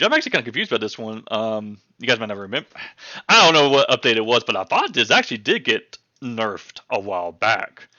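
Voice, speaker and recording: Chatty low-voiced gamer man, rambling. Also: pushed and bright, no room sound, highs cut off. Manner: chatty, rambling, lots of ums and uhs; hiccuping now and then. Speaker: gaming channel host. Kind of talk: casual patch-notes commentary.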